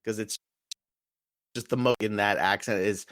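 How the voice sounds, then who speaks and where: A man co-hosting a casual sports podcast, joking and animated, laughing often as he runs through results. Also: lowish voice, moderate pace, no room sound, studio quality. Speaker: podcast co-host.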